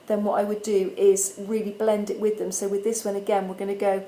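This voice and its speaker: Sounding out letters patiently, slowly and clearly, a woman teacher from a primary school presents a friendly instructional video for parents. Her medium-pitched voice is warm with little pitch movement, and the recording is rough.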